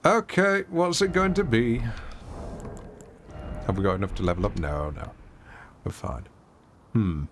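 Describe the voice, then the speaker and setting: A man's voice: fairly low pitch, measured pace, long pauses, slight background noise. A man with an English accent giving wry, theatrical commentary while streaming a game. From England. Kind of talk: casual gameplay commentary.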